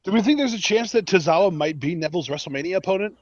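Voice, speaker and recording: A man's voice: high voice, animated, very fast, no room sound, lo-fi sound. A man co-hosting a casual wrestling review podcast, laid-back and chiming in. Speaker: podcast co-host.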